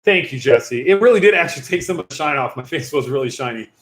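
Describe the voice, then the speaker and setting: A man's voice: medium pitch, lively intonation, quick pace, reverberant. A young man, a youth pastor, chatting casually and goofily on a livestream, rambling with jokey asides.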